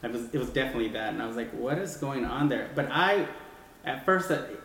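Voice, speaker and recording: A man telling a ghost story in casual chat, animated and rambling with many restarts. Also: mid-range voice, fast talker. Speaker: guest sharing a ghost story. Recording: echoey room with long reverb.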